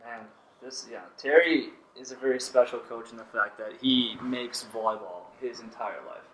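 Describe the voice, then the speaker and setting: A man's voice: mid-range voice, moderate pace, fairly bright tone, distant mic, slight background noise. A man, a volleyball player, telling stories casually as a podcast guest, laid-back and full of "like" and "you know". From Canada. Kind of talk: casual storytelling. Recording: roomy, from off-mic.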